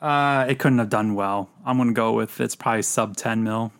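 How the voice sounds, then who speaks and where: A man's voice: fairly low pitch, moderate pace, a bit bright. A man co-hosting a casual movie review chat, cracking dry sarcastic jokes with lots of filler words.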